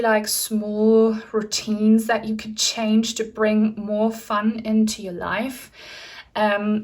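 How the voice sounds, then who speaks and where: Earnest woman reading tarot, slightly distant mic. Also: mid-range voice. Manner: earnest, direct advice with many fillers. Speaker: tarot reader.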